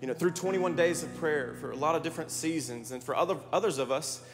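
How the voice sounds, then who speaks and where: A man preaching a sermon as pastor, energetic and rallying his congregation with repeated calls to respond. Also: a little high, fast talker. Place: large church hall. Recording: long hall reverb, music behind.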